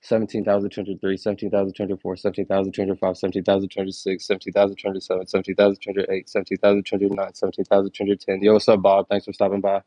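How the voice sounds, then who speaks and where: Low flat-voiced young man streaming. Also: no room sound, poor audio. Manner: rapid, low-key counting broken by chatty asides with many "like"s. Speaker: livestreamer. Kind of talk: live stream counting and chatting with viewers.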